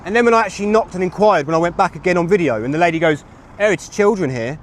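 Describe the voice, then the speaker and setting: A man's voice: high voice, expressive, racing. Rambling man livestreaming on the street. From England. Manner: rambling, chatty, talks to his chat. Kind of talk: live street streaming to chat. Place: outdoors on a street with traffic. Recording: street traffic noise behind.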